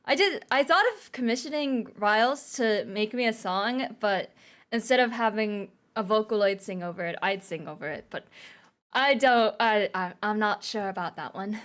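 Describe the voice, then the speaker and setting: A young woman streamer with a mid-range, fairly bright voice speaks at normal speed. She chats casually with her viewers, reads their messages out loud, and stays playful with frequent laughter.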